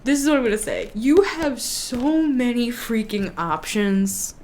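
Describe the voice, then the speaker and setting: A woman giving a casual tarot reading to camera, chatty and quick to laugh, with lively emphasis. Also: fairly high pitch, slight background noise. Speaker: tarot reader.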